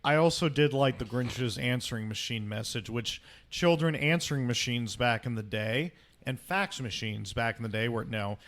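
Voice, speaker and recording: A man's voice: mid-range voice, normal speed, hardly any pauses, a bit bright. A man on a movie podcast panel, chatting casually and throwing in crude jokes. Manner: crude, joking asides. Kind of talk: casual movie-review chat.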